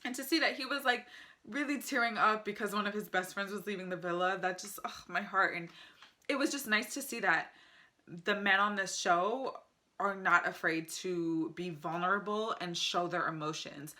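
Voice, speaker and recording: Bright-voiced chatty American woman. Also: medium pitch, normal speed. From United States. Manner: chatty and enthusiastic, laughs often. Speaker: vlogger. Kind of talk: casual vlog review.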